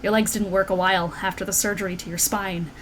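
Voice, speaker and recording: A woman running a tabletop game as dungeon master, narrating scenes slowly and intensely. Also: mid-range voice, steady tone, fairly bright tone, slight background noise, poor audio. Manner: slow, intense descriptive narration. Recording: faint background music.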